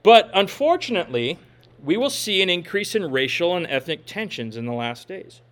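Male pastor, higher-pitched, sermon delivery with scripture reading. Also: sing-song, normal speed, fairly bright tone. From Minnesota. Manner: preaching with scripture readings and asides.

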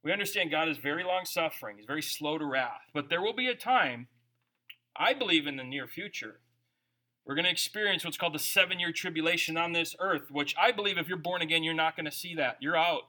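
A man's voice: fairly high pitch, expressive, a little fast, bright, forceful tone. A man preaching a conversational sermon, reading scripture aloud and breaking into informal, jokey asides. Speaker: pastor.

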